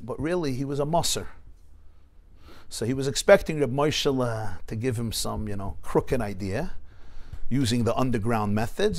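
Rabbi, male, animated storyteller, Yiddish and Hebrew terms, middle-pitched voice, study-hall class.

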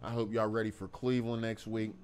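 A man's voice: on the low side, level tone, a little fast, darkish tone, slight background noise. A young man hosting his sports channel, ranting angrily to camera about his team's loss. He curses freely and repeats himself when he gets worked up. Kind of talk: angry sports fan rant to camera.

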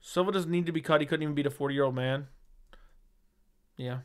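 A man's voice: fairly high pitch, fairly quick, clean tone. A man hosting a casual livestream, reading viewer chat aloud and giving blunt, sarcastic, slangy replies into a studio microphone.

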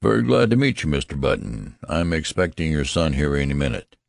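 A man's voice: extremely low pitch, big pitch swings, brisk, creaky, no room sound, studio quality, full character voice. A man voicing a stern, irritable older college registrar who talks in a curt, scolding way, in an audiobook.

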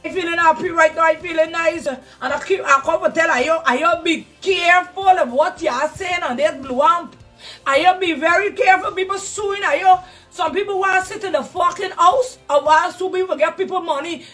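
Guyanese woman ranting, sharp and very high pitched, heated and cursing. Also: brisk, far from the mic, faint music behind. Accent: Guyanese Creole. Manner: fiery, cursing, emotional. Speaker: social media commentator. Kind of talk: heated live rant.

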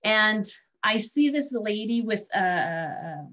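Animated storyteller, woman, laughs easily, muffled lo-fi audio. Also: mid-range voice, slow pace. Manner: animated, laughs often, restarts lines. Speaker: guest sharing a story. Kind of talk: casual storytelling. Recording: dull lo-fi sound.

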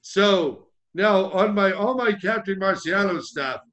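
A man's voice: high-pitched, lively intonation, unhurried, a bit bright. A man with a Gloucester, Massachusetts accent, a fishing boat captain chatting loosely and jokily as a guest on an interview show. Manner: chatty, jokey, loose rambling. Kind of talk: casual interview chat.

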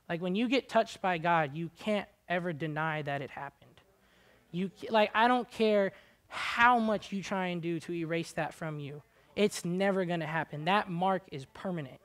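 Preaching in a chatty, casual way full of "like" fillers, a man moves back and forth between quiet asides and loud, high exhortation.

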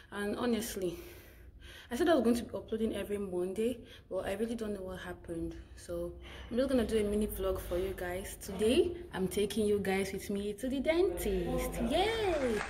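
A young woman talks casually to a phone camera held at arm's length, playful and full of fillers. She speaks at an ordinary middle pitch. There is clear background noise on the recording. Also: fairly quick, dark tone. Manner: chatty, playful, filler-heavy. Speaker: vlogger. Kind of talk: casual vlog talk to camera. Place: out and about in town.

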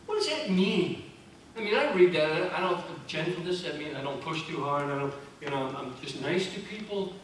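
A high-pitched man preaches to his congregation, talking plainly and pressing his points with repetition. His voice rings through a very reverberant church, picked up from a distance with a faint hiss underneath. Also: animated, moderate pace. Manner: conversational, emphatic preaching with repeated phrases. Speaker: pastor. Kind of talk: sermon. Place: church sanctuary.

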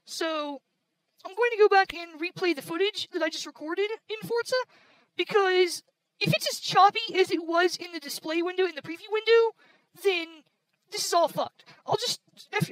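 A woman's voice: very high voice, moderate pace, fairly bright tone, poor audio. A woman giving casual gameplay commentary, frustrated and swearing constantly. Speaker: gaming video creator.

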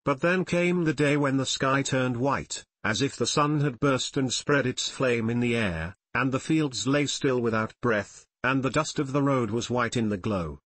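Guy reading a novel aloud, kinda husky, very dry close sound. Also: mid-range voice, a little slow, few pauses, fairly bright tone, no echo. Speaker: audiobook narrator. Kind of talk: scripted narration.

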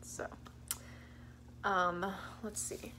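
A woman's voice: lowish voice, flat delivery, extremely slow, sharp tone, a little hiss or hum. A young woman giving a casual tarot card reading, laid-back and giggly, thinking aloud with many fillers. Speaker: tarot reader.

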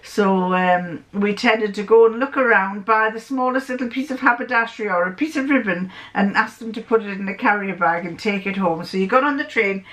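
A woman's voice: mid-range voice, a little fast, few pauses, a bit bright. An older woman with a Northern English accent, chatting in a casual storytelling sewing vlog and wandering off into anecdotes. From north of England. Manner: rambling, digressive, with frequent restarts and acted-out quotes. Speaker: sewing vlogger.

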